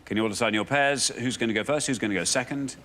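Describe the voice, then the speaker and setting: A man's voice: medium pitch, very fast, a bit bright, a little hiss or hum. A man hosting a television quiz show, reading clues aloud in a playful manner in a studio.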